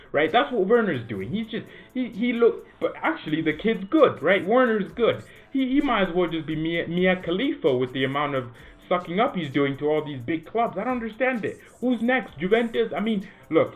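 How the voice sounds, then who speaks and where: A man hosting a football fan channel, rambling in casual commentary and often tagging his points with "right?". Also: on the high side. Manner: animated, rambling, keeps asking "right?". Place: home room. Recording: tinny phone-like sound.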